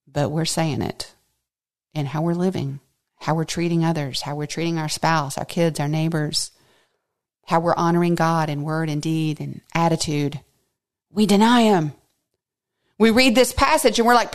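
A woman teaching a Bible study in an expressive way, dropping to hushed asides and rising to high, emphatic bursts. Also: normal speed.

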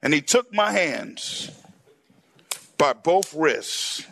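A man pastor preaching a sermon through animated storytelling, with shouted punchlines and laughter along the way. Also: on the high side, very slow, creaky, slight background noise.

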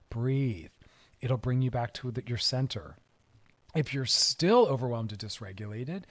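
A man with a mid-range voice speaks to an audience in an earnest, motivational way. His delivery is emphatic and direct, with the steady push of a therapist coaching people toward calmer habits. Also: medium pitch.

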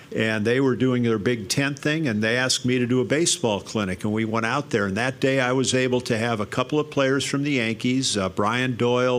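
A man's voice: medium pitch, a bit bright. An older man telling his life story to an audience, animatedly acting out the voices in his quotes. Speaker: speaker sharing his testimony.

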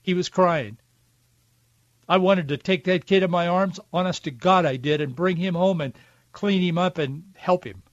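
A man's voice: sits high, normal speed, dry recording, lo-fi sound. A man hosting a podcast, delivering an emphatic, preachy political commentary monologue. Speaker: podcast host.

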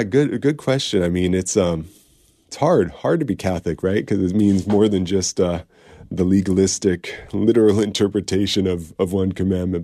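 A man hosting a call-in radio show, slightly under the weather, answering callers in a lively way with many restarts. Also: low voice, gravelly, no room sound, studio quality. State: slightly ill, recovering cold. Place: radio studio.

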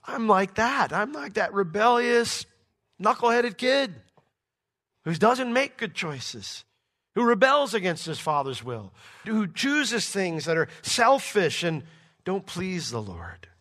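Animated preaching man, fairly high voice. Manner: animated, swings from soft to emphatic. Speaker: pastor. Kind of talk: expository Bible teaching.

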